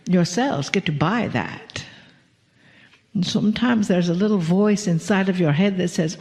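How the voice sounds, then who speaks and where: A woman channeling a spiritual message to a live audience. She speaks as a collective "we" in a slow, soothing way and often slips into whispers. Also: mid-range voice, lively intonation, darkish tone. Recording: long hall reverb.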